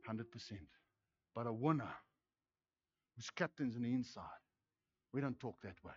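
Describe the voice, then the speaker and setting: A middle-aged man with a New Zealand accent preaching a sermon, swinging between fired-up shouting and quiet tenderness. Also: mid-range voice, animated, moderate pace, slightly rough, dull audio. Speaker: pastor.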